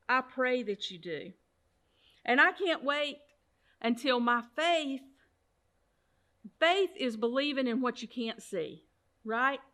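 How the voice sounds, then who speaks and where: A woman with a high voice gives a Bible study talk. She speaks earnestly and from the heart, driving points home with repeated phrases. Now and then she stumbles over a word and starts again. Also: bright, forceful tone. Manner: sometimes halting, restarts words.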